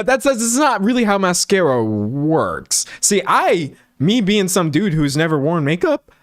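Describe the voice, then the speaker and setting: A man's voice: on the high side, dry recording. Texas guy streaming, laughs a lot, voice jumps all over, dry mic. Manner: animated, laughing, talks to chat. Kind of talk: casual chat reacting to videos.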